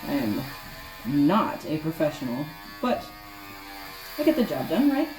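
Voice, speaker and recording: In an echoey room with clippers humming faintly, a woman casually talks while grooming her dogs, teasing one and speaking to viewers. She's sweaty from the work, and her deep voice swings widely in pitch at an unhurried pace.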